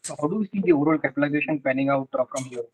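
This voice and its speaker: A man's voice: a little high, racing, a little mellow, slightly rough. A man, an analyst, politely asking a question on an earnings call, hesitant and full of fillers, on a poor phone line.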